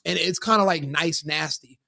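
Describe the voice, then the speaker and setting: A man's voice: fairly high pitch, moderate pace, vocal fry, pushed and bright, no room sound, clean studio sound. A man hosting his own show, talking casually to his audience in a rambling way, restarting and correcting himself often. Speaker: podcast host. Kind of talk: casual solo commentary.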